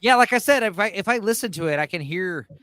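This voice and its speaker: A man hosting a late-night stream, rambling in animated bursts, laughing and swearing. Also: high voice, fast talker, smooth, dry recording. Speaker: streamer host. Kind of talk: casual stream chat.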